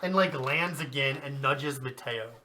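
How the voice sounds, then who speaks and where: A man narrates a tabletop game as game master, his voice bright and forward. He talks loosely, with fillers and frequent laughs. A faint hiss sits under the recording. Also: medium pitch, unhurried. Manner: casual, laughing often while narrating.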